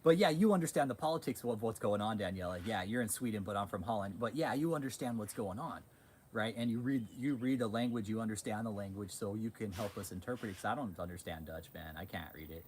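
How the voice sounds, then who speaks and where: A man's voice: on the low side, quick pace, a little hiss or hum. A man hosting a livestream, talking casually and reading chat, swearing a lot, getting worked up and restarting his sentences often. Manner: profane, excitable, frequent restarts. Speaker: livestream host.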